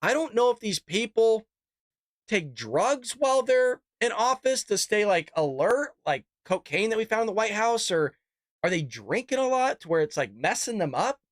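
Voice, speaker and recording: A man's voice: high-pitched, big pitch swings, normal speed, dry recording, clean studio sound. A man hosting a casual political commentary show, talking in a mocking, sarcastic way and calling his listeners folks.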